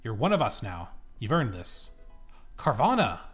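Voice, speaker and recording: A man's voice: fairly low pitch, very animated, a little slow, soft background music. A man voicing a proud male gang leader in a video game, formal and approving.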